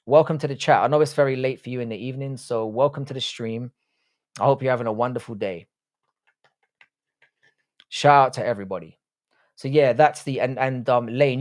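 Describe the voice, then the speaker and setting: A man hosts a loose livestream, answering viewer comments with crude banter and constant swearing. His voice sits at an ordinary middle pitch. The sound is dry and close, with no room echo. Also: fairly quick. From United Kingdom. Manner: profane, bantering, slangy. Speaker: livestream host. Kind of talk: casual livestream chat reading viewer comments.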